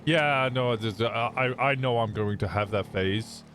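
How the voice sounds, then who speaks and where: A man's voice: medium pitch, normal speed, a bit bright. A young man streaming and chatting loosely with his audience, swearing often and stumbling over restarts. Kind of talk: casual chat to a live stream chat. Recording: noisy background.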